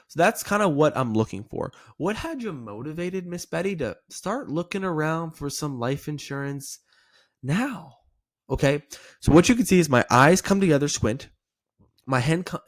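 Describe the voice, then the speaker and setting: A man teaching insurance sales, coaching in a demonstrative way and acting out sample questions with rising inflection. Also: medium pitch. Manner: coaching, repeats "okay?" often. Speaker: sales trainer. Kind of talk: sales training lesson.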